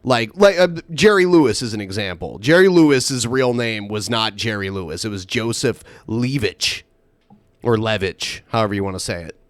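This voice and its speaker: A man's voice: lowish voice, animated, moderate pace, dry recording. A man co-hosting a podcast, chatting casually and laughing often. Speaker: podcast co-host.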